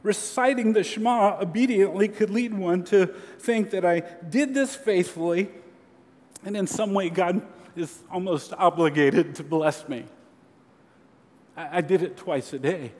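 A man preaching a sermon as a pastor, earnest and measured, with slow emphatic pauses. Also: high-pitched, a little mellow. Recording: long hall reverb.

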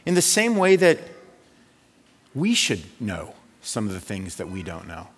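A man's voice: fairly low pitch, wildly swooping pitch, a little slow, breathy edge. Conversational male pastor in a reverberant hall. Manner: conversational, asks "right?" often. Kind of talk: sermon.

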